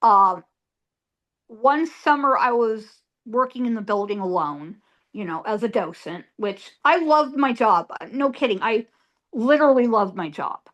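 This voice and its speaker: A woman's voice: a little high, expressive, a little slow, a bit bright, lo-fi sound. A middle-aged woman, a psychic medium, telling a story as an interview guest in an emphatic way, repeating words for effect.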